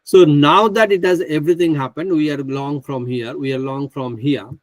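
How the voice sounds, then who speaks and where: A man runs a live online trading class over a video call, pausing often with fillers and restarting his sentences. His voice sits a little high. The sound is dry and close, with no room echo. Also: steady tone. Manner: hesitant, many fillers and restarts. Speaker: trading instructor.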